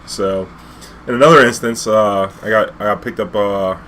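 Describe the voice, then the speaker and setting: A man's voice: fairly low pitch, steady tone, moderate pace, fairly bright tone, slight background noise. A man, a cab driver telling a casual, rambling anecdote full of fillers and swearing.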